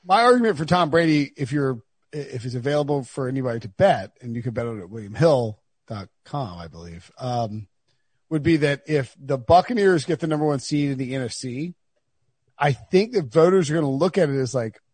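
A man's voice: medium pitch, lively intonation, a little fast, slightly rough, no room sound. A man co-hosting a podcast, chatting casually and animatedly about sports and teasing his co-hosts. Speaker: podcast co-host.

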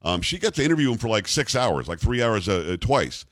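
A man's voice: fairly low pitch, big pitch swings, a little fast, fairly bright tone, dry recording, clean studio sound. A middle-aged man hosting a radio talk show, rambling and teasing his co-hosts. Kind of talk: casual talk radio banter. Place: radio studio.

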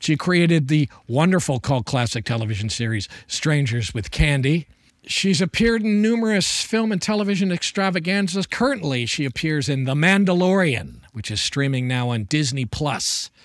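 A man's voice: fairly high pitch, lively intonation, moderate pace, dry recording, clean studio sound. A middle-aged man co-hosting a podcast in casual chat, playful and jokey with theatrical asides. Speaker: podcast co-host.

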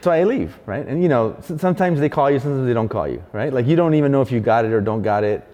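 A man in a casual talk show tells his story with animated, profane energy, slipping into the voices of the people he quotes. His voice sits at an ordinary pitch. The sound rings out with long reverb from a large hall. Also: fast talker, highs cut off. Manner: animated, profane, acts out other people's lines. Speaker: guest graffiti artist. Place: large arts venue room. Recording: echoey hall.

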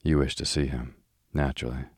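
A man's voice: extremely low pitch, flat delivery, brisk, a little mellow, breathy edge, no room sound, studio quality, exaggerated voice. Man reading as a polite hotel proprietor. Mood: courteous. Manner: polite, deferential. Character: courteous suave male hotel owner. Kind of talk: calm audiobook reading.

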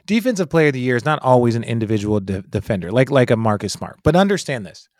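A man hosting a casual sports chat, talking in an animated, emphatic way and swearing freely. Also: medium pitch, fast talker, no room sound, clean studio sound.

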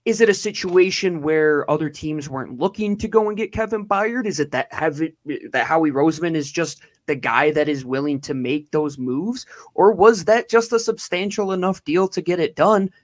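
A man's voice: on the high side, moderate pace, few pauses, dry recording. A man co-hosting a sports podcast, talking emphatically and drawing words out for effect. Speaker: podcast co-host.

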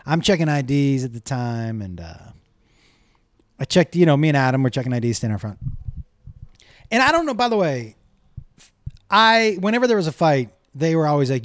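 A man's voice: fairly high pitch, no room sound, studio quality. A man telling a profane comic story in a casual way, acting out the other people's lines. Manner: profane, animated, acts out quotes. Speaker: comedian storyteller.

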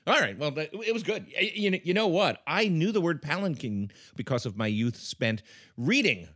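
A man with a fairly high, lively, bouncing voice co-hosts a comedy podcast, recorded dry and close. He teases his co-host wryly and reads the segment intros in a light, easygoing way. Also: normal speed, slightly rough, no room sound. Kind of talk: casual comedy podcast chat.

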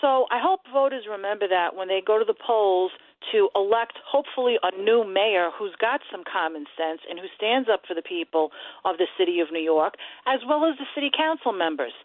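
A woman's voice: medium pitch, lively intonation, a little fast, no echo. Indignant woman on a phone line. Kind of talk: phone-in talk.

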